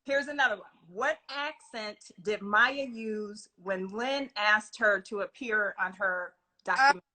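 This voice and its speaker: A woman's voice: medium pitch, unhurried, pushed and bright. A woman hosting a casual live video chat interview, reading out trivia questions and laughing along. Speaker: interview host. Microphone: phone or laptop on a live video call.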